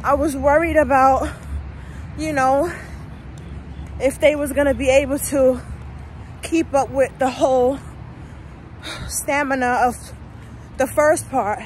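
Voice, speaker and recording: A woman's voice: high-pitched, steady tone, slow pace, long pauses, slight background noise. A woman vlogger giving a heated, profane, emotional movie rant straight to her viewers, talking casually to a phone camera outdoors.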